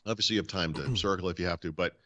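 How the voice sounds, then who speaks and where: Talking very fast in a low voice, the podcast host spins a casual story, playing out its characters and performing their quoted dialogue with animation.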